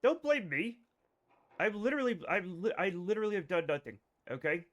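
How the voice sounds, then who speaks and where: This young man's high-pitched voice moves a little fast, and the recording has its highs cut off. Streaming a game live, he jokes with his audience, gets excited, and bursts out suddenly as he gives casual commentary.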